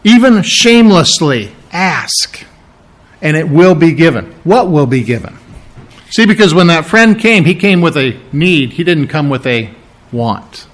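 Emphatic preaching man, slightly high voice. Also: lively intonation, a little slow, fairly bright tone. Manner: emphatic, conversational preaching with rhetorical questions. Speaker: pastor. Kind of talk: sermon.

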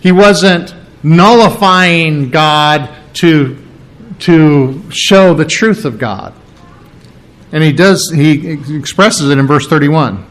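Slow, halting male preacher. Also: fairly high pitch. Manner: slow, halting teaching with frequent throat clearing. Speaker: pastor. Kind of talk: sermon.

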